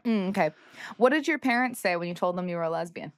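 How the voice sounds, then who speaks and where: A woman's voice: lowish voice, expressive, fast talker, smooth, no room sound, studio quality. A young woman co-hosting a podcast, upbeat and playful, laughing easily as she chats. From United States. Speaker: podcast co-host, pro golfer. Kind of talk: casual chat.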